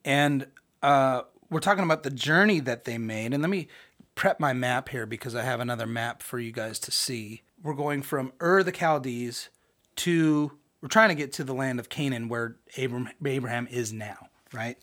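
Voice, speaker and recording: A man's voice: mid-range voice, normal speed, fairly bright tone. A man teaching a podcast Bible lesson in a conversational way, often asking rhetorical questions.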